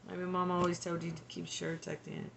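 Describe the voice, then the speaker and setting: A woman's voice: on the low side, monotone, moderate pace, vocal fry, slight background noise. A woman working as a psychic medium, relaying channeled messages in a hesitant, tentative way. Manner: hesitant, tentative, laughs between.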